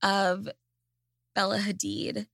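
A woman's voice: mid-range voice, level tone, slow, creaky, a bit bright, no room sound, studio quality. A woman hosting a casual chat, ranting sarcastically and swearing freely. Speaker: podcast host.

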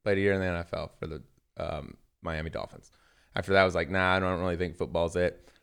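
A man co-hosting a podcast in casual chat, animated and jokey, swearing freely as he tells stories. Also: deep voice, quick pace, gravelly, clean tone. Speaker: podcast co-host.

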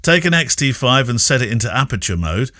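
A man's voice: medium pitch, big pitch swings, brisk, bright, forceful tone, no room sound, studio quality. A man hosting a podcast, joking with his co-host and reading listener mail aloud. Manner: teasing, laughs often.

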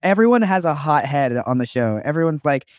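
A man's voice: on the high side, very animated, fairly quick, dry recording, studio quality. Rambling young man, podcast co-host. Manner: rambling, restarts often, says "like" a lot. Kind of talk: casual podcast chat.

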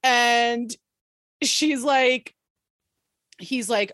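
A woman's voice: fairly high pitch, moderate pace, no echo, clean studio sound. A young adult woman co-hosting a podcast, recapping a TV episode in casual chat, laughing often and acting out the characters' lines. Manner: animated, laughs often, acts out quotes. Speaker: podcast co-host.

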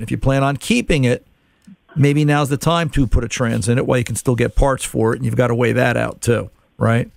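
A man's voice: medium pitch, steady tone, fairly quick, creaky, dry recording. A middle-aged man hosting a call-in car-repair radio show, explaining in a casual, conversational way and repeating words while he thinks.

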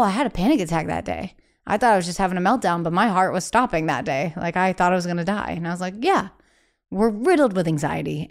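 A young adult woman, a singer-songwriter being interviewed, talking candidly and casually, with frequent "like" fillers and lively acted-out quotes. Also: on the low side. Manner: chatty, many "like" fillers, acts out quoted voices.

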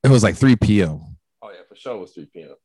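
A man's voice: lowish voice, fast, slightly rough, dry recording. A young man casually telling a profane party story, acting out the lines of the people in it. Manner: animated, profane storytelling that acts out quoted lines. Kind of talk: casual chat.

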